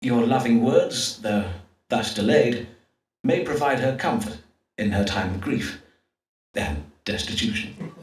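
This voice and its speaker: An actor voicing an Elizabethan astrologer-doctor who speaks in measured, formal old-fashioned phrases with hesitant fillers, in a game. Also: male voice, medium pitch, animated, natural voice. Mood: grave. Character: Elizabethan astrologer-doctor, pompous yet awkward. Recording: distant roomy game audio.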